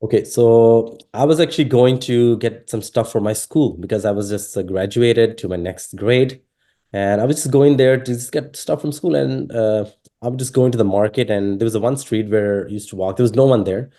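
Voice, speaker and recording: A man from Pakistan, telling his personal story in an interview, halting and full of fillers and restarts. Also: mid-range voice, warm tone. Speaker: interviewee sharing his testimony.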